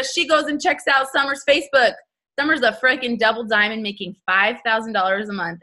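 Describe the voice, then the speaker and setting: A woman gives a motivational talk to her sales team in a bright, forceful voice. She is blunt and chatty, full of slang, and keeps acting out little scenes in quoted voices. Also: a little high. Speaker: network marketing team leader.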